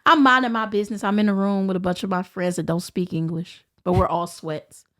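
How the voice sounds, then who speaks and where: A woman with a Southern American accent, a podcast guest telling stories in casual chat, animated and profane. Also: medium pitch, a little fast.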